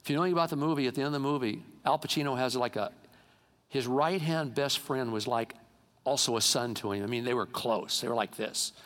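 Animated preaching man in a reverberant hall. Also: fast. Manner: animated storytelling preacher, swings from low asides to loud exclamations. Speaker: pastor. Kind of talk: sermon.

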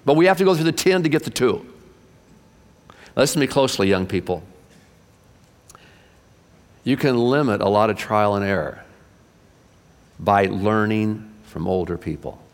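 Older guy pastor preaching, fired up then dropping real quiet, big echoey church. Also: animated, normal speed, long pauses. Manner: impassioned, shifts between loud bursts and hushed low asides. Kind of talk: sermon. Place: church sanctuary. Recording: long reverb of a church hall.

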